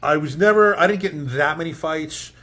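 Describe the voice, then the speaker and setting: Man, podcast host, fast pace, casual chat, animated storyteller. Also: fairly high pitch. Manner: quick, animated storyteller acting out quotes. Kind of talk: casual conversation.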